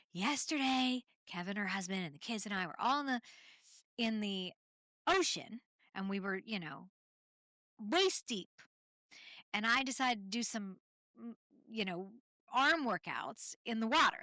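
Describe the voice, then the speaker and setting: A woman's voice: medium pitch, pushed and bright, dry recording, studio quality. A woman from Canada hosting a solo podcast, telling rambling, laughing travel stories full of fillers. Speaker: podcast host.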